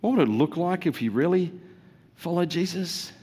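A man's voice: a little high, expressive, normal speed, darkish tone, slightly rough, in a large hall. A man preaching a sermon in a church, jokey and conversational, with playful asides to the congregation. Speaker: pastor. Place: church auditorium.

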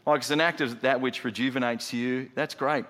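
A middle-aged man preaching a sermon in a church, emphatic, firing rhetorical questions and dropping to a hush for effect. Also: medium pitch, fairly even intonation, moderate pace. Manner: emphatic, rhetorical questions, swings from loud to hushed. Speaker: pastor. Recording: long hall reverb.

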